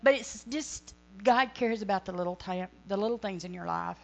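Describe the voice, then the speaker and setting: A woman's voice: mid-range voice, normal speed, vocal fry. A middle-aged woman sharing a church testimony, earnest and rambling, often correcting herself. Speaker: ministry speaker.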